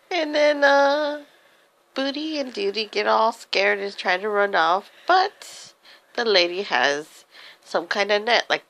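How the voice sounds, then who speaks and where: A woman's voice: medium pitch, pushed and bright, rough recording. A woman telling an improvised silly story, giggly and rambling.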